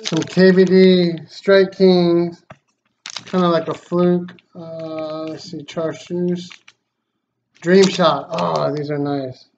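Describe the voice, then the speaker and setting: Guy unboxing stuff on his vlog, all excited and thankful, slow talker, kinda muffled lo-fi sound with a little hiss. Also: a little high. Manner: excited, grateful, exclaiming. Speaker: fishing channel host. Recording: slightly dull lo-fi sound, faint noise.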